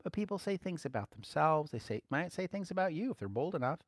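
A man giving conversational Bible teaching as a preacher, relaxed, laughing lightly and repeating key phrases. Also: a little high, fast talker, dry recording, studio quality.

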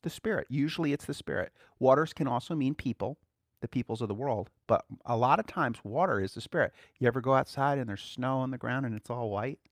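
A man's voice: medium pitch, brisk, dry recording, clean studio sound. A male preacher teaching a sermon to a small group, asking rhetorical questions and chuckling often as he talks.

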